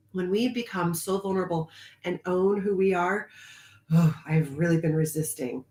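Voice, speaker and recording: A woman's voice: medium pitch, echoey room. A woman leading a live online spiritual group, talking in a confiding way and laughing often. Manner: warm, confiding, laughs often, speaks slowly at moments.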